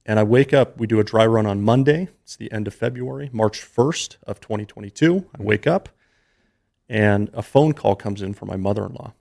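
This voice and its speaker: A man's voice: fairly low pitch, normal speed, creaky, darkish tone. A man in his thirties, a podcast guest, telling a personal story in an earnest, emotional, conversational way.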